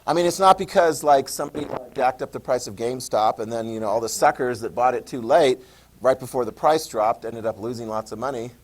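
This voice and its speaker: Speaking briskly, a man runs through a high school history lesson in an easygoing lecture manner. He keeps adding sarcastic comments and instructing students to write points down.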